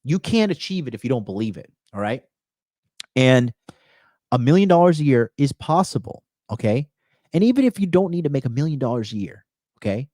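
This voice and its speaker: A man's voice: mid-range voice, very animated, fairly quick, mellow, no room sound, studio quality. A man streaming live as a dating coach, giving profane, emphatic advice and reading chat, repeating lines for punch. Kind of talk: livestream monologue reading chat.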